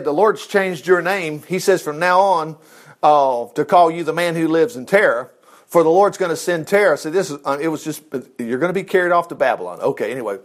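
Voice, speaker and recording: A man preaching a casual sermon, reading scripture aloud and commenting on it in a folksy, animated way. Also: on the high side.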